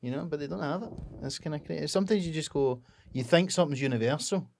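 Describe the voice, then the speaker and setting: A man's voice: a little high, fast talker, vocal fry, darkish tone. A Scottish man hosting a casual comedy podcast, telling stories in a dry, wry way. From Scotland. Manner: dry, wry storytelling with swearing. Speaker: podcast host. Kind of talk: casual chat.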